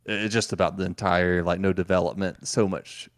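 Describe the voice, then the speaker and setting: Low-voiced man griping about movies. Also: flat delivery, moderate pace, no room sound, studio quality. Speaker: podcast co-host. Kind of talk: casual movie chat.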